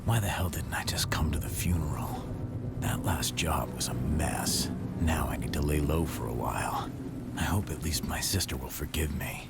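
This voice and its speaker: Curt, hard-edged son from a horror game, low voice, loud score behind. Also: male voice, normal speed, gravelly, loud music behind the voice. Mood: brooding. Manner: curt, swearing, whispered inner thoughts. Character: gruff adult male son, hard and guarded. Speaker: game character.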